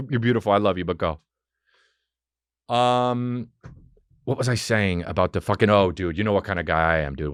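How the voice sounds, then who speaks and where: A man in his forties hosting a podcast in a rambling comedic monologue, profane and excitable, jumping into high-pitched bursts. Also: no echo, studio quality. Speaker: podcast host. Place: home studio with dog present.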